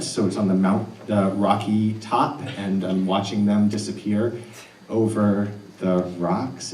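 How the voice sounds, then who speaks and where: A man telling a true personal story live on stage, earnest and animated with laughing asides. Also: on the low side, a little hiss or hum. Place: stage in an arts center hall. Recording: roomy hall audio picked up from a distance.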